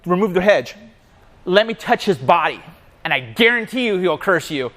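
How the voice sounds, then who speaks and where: A man's voice: high-pitched, big pitch swings, normal speed, fairly bright tone. A man voicing Satan as a sly, laid-back schemer, talking in slang as he tells a story to a group of men. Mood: sly taunting. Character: sly taunting male Satan, casual and scheming.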